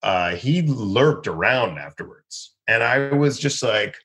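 A man in his thirties, a comedian guest, telling stories casually and acting out people in high excited bursts. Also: slow. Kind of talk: casual storytelling.

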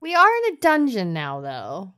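A woman's voice: medium pitch, huge pitch swings, normal speed, bright, forceful tone, clear, resonant tone, dry recording, studio quality. A woman playing a tabletop role-playing game, coaxing and sweet in tone. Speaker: player.

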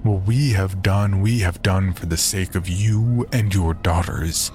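A man's voice: low-pitched, a little mellow, slight background noise. Man voicing a cold scripture-quoting priest. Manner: slow, scriptural and icy. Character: cold, pious old male priest, menacing. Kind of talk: horror story reading.

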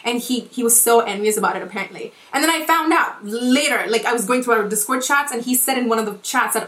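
A young woman talks quickly and casually on her podcast, rambling through a personal story with plenty of swearing and restarts. Her voice sits fairly high, and the room has a noticeable echo. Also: a bit bright. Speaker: podcast host.

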